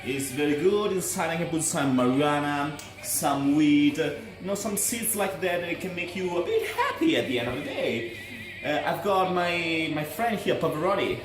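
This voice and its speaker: A man's voice: on the high side, moderate pace, few pauses, roomy sound, music in the background. A man doing a boastful laser-eyed competitor. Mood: excited. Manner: excitable broken English, mock-dramatic. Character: boastful young Italian blink competitor with laser eyes. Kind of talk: mockumentary interview.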